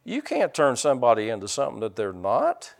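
A man's voice: mid-range voice, wildly swooping pitch, brisk, creaky. An older man, a pastor preaching a folksy, joking sermon and calling out to his congregation.

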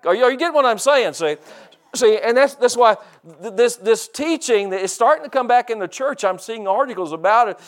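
A man's voice: extremely high pitch, lively intonation, fairly quick. An older man preaching a sermon in a folksy, conversational way, often repeating and restarting words and acting out quoted voices. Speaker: pastor.

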